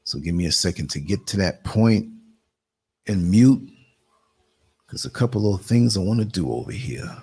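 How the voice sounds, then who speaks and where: Host type: New York man, lowish husky voice, loose chatty delivery, talks while clicking around. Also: expressive, moderate pace, pauses often, mellow. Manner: chatty, laughs often, talks while working the computer. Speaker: live show host. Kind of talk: casual livestream talk.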